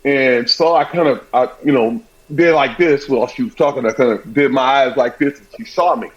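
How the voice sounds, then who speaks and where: A man from the American South hosting a sports talk show, telling stories in an energetic, jokey way. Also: mid-range voice, normal speed, highs cut off. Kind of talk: casual talk show chat.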